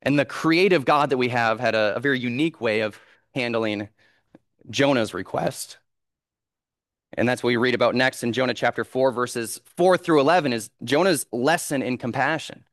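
Male pastor, mid pitch, measured earnest sermon delivery, dry close-miked sound. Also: fairly bright tone, no room sound. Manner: earnest, measured preaching with slow emphatic scripture reading.

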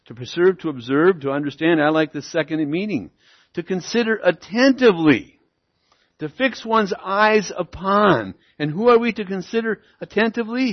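A man's voice: on the high side, very animated. Lo-fi male preacher teaching scripture. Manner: teaching, asks the congregation "okay?" and "see?"; slows and stresses key words. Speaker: pastor. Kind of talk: sermon. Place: church. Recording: lo-fi church recording.

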